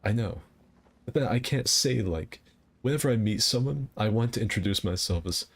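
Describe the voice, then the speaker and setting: Deep gravelly man streaming a game. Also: expressive, fairly quick. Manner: rambling, self-deprecating chatter. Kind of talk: casual gameplay commentary.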